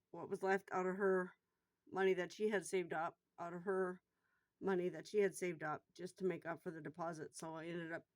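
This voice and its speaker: A middle-aged woman, a bar employee, recounts a personal story in a casual vlog using a mid-range voice, with no echo on the recording. Blunt and quick to swear, she gets loud and worked up as the story unfolds.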